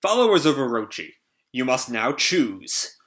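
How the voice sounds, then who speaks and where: A man reading the lines of a huge, menacing male pirate emperor who makes booming proclamations, in a bright voice. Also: very animated, a little slow. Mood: proclaiming.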